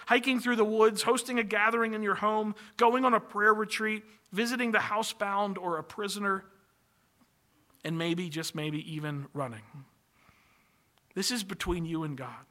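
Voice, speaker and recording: A man's voice: sits high, pushed and bright. A man preaching a sermon from the pulpit, earnest and emphatic, building long lists as his energy rises. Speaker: pastor.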